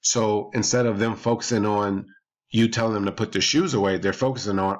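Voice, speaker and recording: A man giving calm, explanatory parenting advice on a podcast and repeating his points. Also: fairly low pitch, a little fast. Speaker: parenting behavior coach.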